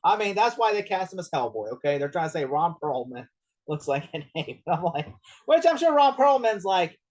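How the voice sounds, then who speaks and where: A man's voice: high voice, big pitch swings, normal speed, a little mellow. A man hosting a casual movie podcast who rambles, riffs with jokes and laughs often. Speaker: podcast host.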